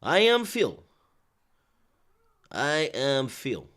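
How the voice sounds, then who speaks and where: A man's voice: mid-range voice, wildly swooping pitch, a bit bright, heavily acted. A man putting on a boastful boxer with a thick Ukrainian accent. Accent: Ukrainian accent put on. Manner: slow, stretched, mock-grand phrasing.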